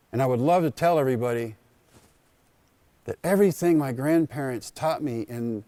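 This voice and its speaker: A man at mid pitch with a warm, mellow tone tells a personal story from the stage. He speaks in short punchy sentences with dramatic pauses, and his voice sounds close and dry. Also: no room sound. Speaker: keynote speaker. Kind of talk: storytelling speech. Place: school district convocation event.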